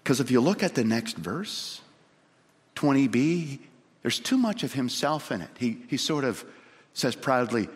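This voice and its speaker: A man preaching a sermon, telling a story dramatically and swinging from loud to hushed. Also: mid-range voice, expressive, measured pace, slightly rough. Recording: long hall reverb.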